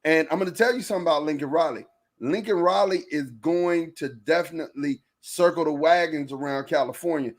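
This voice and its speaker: A man co-hosting a sports podcast, talking fast and loose, repeating phrases and jumping in over his partner. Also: on the high side. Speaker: podcast co-host. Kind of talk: casual sports chat.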